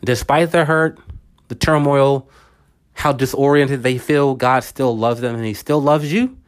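A man's voice: medium pitch, fairly even intonation, unhurried, smooth. Earnest preacherly man podcasting. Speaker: podcast host. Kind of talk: casual motivational monologue.

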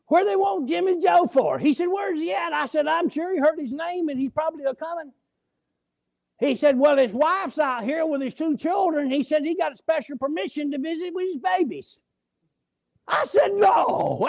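High-voiced preacher telling stories. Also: male voice, moderate pace, gravelly, no echo. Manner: folksy, animated, acts out voices in stories. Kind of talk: sermon with storytelling. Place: church.

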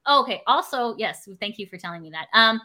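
A woman's voice: on the high side, fairly quick. A woman from Canada chatting casually, swearing and acting out quoted conversations. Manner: animated, swearing, acts out quotes. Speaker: performer and streamer. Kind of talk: casual chat.

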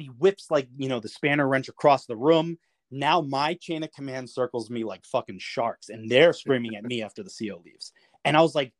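A man, a navy veteran guest on a podcast, telling a story in a lively, casual way, cursing freely and acting out what others said. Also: mid-range voice, brisk, no echo. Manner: animated storyteller, swears freely, acts out quoted lines with chuckles. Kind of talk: casual anecdote told in an interview.

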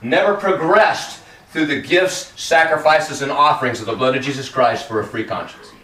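A man preaching a sermon in a conversational, animated way, joking and acting out little quoted exchanges. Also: mid-range voice, moderate pace, echoey room, far from the mic.

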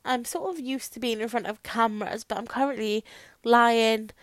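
A young Welsh woman with a fairly high, steady, fairly bright voice speaks at a normal speed. She's lying on her bed talking into a microphone for her own podcast, rambling in a chatty, self-deprecating way. The sound is dry and close, with no room echo.

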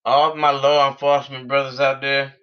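A man's voice: mid-range voice, little pitch movement, normal speed, smooth, muffled recording. A man vlogging in an unscripted, rambling way, earnest and laughing between thoughts. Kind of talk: casual unscripted monologue.

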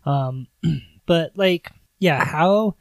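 A man co-hosting a casual movie podcast, laid-back, often answering with mm-hmm and musing out loud. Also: fairly high pitch, very slow, no room sound. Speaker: podcast co-host.

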